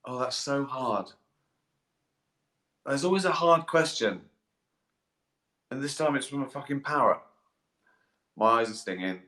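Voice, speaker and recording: Chatting on a live stream from the bathtub, this middle-aged comedian rambles, swears and chuckles, clearly tired and sleepy. He has an expressive, sharp-toned mid-range voice at a moderate pace, broken by long pauses and echoing off the bathroom walls.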